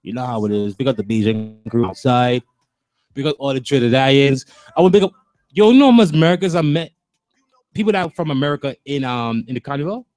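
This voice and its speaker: A man's voice: mid-range voice, fast, a little mellow, no room sound. A man hosting a radio show, bantering in a laid-back, slangy way with a New York accent. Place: radio studio.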